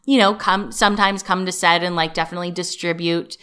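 Guest comedic actress, woman, Midwest-raised, loose and laughing, clear resonant tone. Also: lowish voice, steady tone, a little fast, bright, forceful tone. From American Midwest. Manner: chatty, heavy "like" fillers, laughs often. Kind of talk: casual interview chat.

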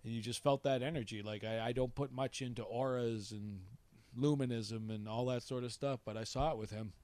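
A man's voice: medium pitch, fairly even intonation, brisk, darkish tone, no echo. A man telling a story in casual chat, rambling and conversational. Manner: rambling, conversational, many restarts.

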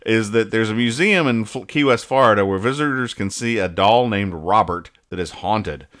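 Low bright guy rambling on a comedy podcast, explains every joke. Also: normal speed. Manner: rambling, over-explains jokes. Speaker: podcast co-host. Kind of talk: casual comedic chat.

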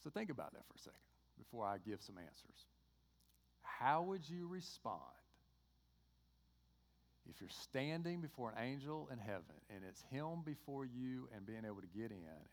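A man's voice: medium pitch, moderate pace, creaky. A man with a Georgia accent preaching a sermon in a conversational way, acting out bits of dialogue. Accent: Southern US, Georgia. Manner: conversational preaching, acts out dialogue with lively voices. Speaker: pastor. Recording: long hall reverb.

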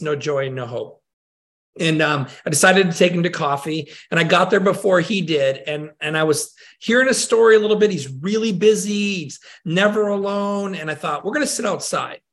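A male pastor in conversation, telling a story in an earnest, reflective way with frequent pauses and restarts. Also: sits high, fairly bright tone.

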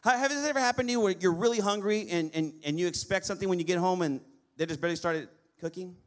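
A male pastor preaching a lively sermon, often asking the congregation for an amen. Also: high voice, quick pace. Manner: lively preaching with call-and-response amens.

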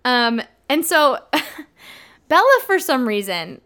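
Bright animated young woman chatting. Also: sits high, takes it slowly. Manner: animated, acts out quotes in put-on voices. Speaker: podcast co-host recapping a book. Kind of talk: casual chat.

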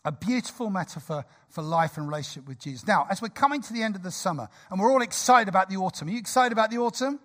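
A man in his sixties preaching a sermon in a church, lively, jokey and conversational. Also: high-pitched, fast talker, hardly any pauses. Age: 60s.

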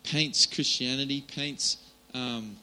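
Man, casual sermon, chatty, filler-heavy, very bright voice. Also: medium pitch, fairly even intonation, takes it slowly, low-quality recording. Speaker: preacher. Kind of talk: informal sermon.

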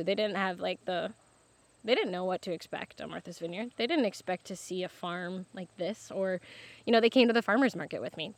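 A young woman farmer telling her story casually, lively and laughing often, with many fillers. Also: medium pitch, no room sound. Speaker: farmer guest.

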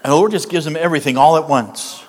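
A man's voice: on the high side, fast. A man preaching as guest speaker, telling a comic story with punchlines and acted-out quotes. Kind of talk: comedic sermon storytelling. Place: church hall, live audience. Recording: echoey hall, faint noise.

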